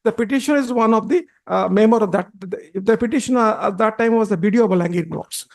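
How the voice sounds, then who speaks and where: Halting, deferential advocate. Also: male voice, high-pitched, gravelly. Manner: halting, deferential, constantly repeats "my lords". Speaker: advocate arguing before a judge. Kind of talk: courtroom argument.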